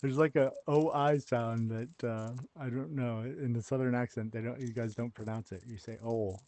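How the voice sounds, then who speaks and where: A man's voice: mid-range voice, fairly even intonation, normal speed, darkish tone. A middle-aged man hosting a stream, chatting casually and laughing often while he teases. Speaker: streamer host. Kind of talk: casual chat while gaming.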